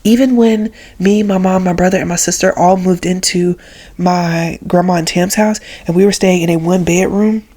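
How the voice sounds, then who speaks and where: A woman's voice: fairly low pitch, fairly even intonation, moderate pace, mellow. Chatty woman telling family stories. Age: 20s. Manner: chatty, filler-heavy, emotional. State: tearful. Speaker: vlogger. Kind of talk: personal storytelling vlog.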